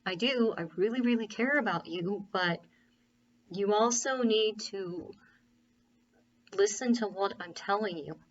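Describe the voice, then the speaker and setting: A woman's voice: mid-range voice, a little slow, pauses often, muffled recording, slight background noise, close to an everyday voice. A woman voicing a caring, firm middle-aged male parole officer, earnestly pleading and repeating key phrases.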